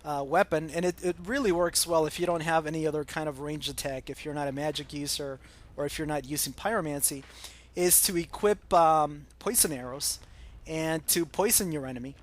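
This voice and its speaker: Hesitant American man with a slightly high voice. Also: steady tone, brisk. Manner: hesitant, many ums and uhs. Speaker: gaming channel host. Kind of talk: casual chat answering viewer comments.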